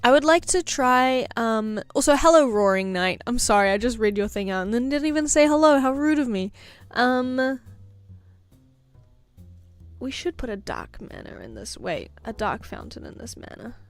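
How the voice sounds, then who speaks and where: A woman's voice: a little high, very animated, moderate pace, no room sound, soft background music. A woman art streamer with a non-American English accent chatting casually and jokily while she draws. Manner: chatty, rambling, jokey, with frequent laughs and fillers. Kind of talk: casual live-stream chat while drawing.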